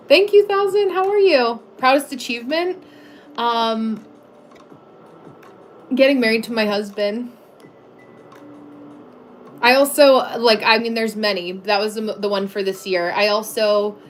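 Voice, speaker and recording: Woman, 30s, casual livestream host, chatty, full of fillers, faint music under her. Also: medium pitch. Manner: chatty, many fillers and restarts. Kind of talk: casual live chat answering viewers.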